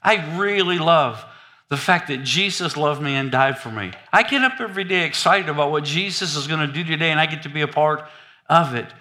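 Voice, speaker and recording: A man preaching a sermon in an animated, humorous, conversational way. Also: fairly high pitch, brisk.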